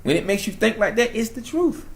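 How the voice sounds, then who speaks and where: This young New Yorker hosts his own channel, addressing viewers directly in an excited, preachy monologue that swings between loud and hushed. His voice is high and his pace fairly quick.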